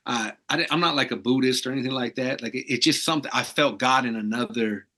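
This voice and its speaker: A man from Arizona opens up as a podcast guest, his voice bright and forward yet husky at the edges. He talks in loose, slangy runs, tossing in "bro" constantly while staying earnest and reflective. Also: medium pitch, fast talker. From Arizona, USA. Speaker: podcast guest, tattoo artist. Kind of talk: casual candid storytelling.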